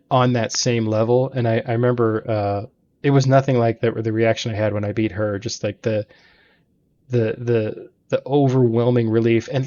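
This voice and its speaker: A man's voice: mid-range voice, darkish tone, dull audio. Rambling man telling gaming stories. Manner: rambling, chatty storytelling. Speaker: let's play host. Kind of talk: casual gaming commentary. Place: home gaming room.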